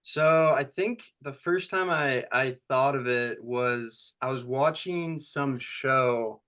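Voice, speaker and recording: A man's voice: medium pitch, slow, a bit bright. A man, a screenwriter and actor, chatting casually in an interview, telling stories loosely with lots of fillers. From United States. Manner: rambling, loose storytelling with many fillers.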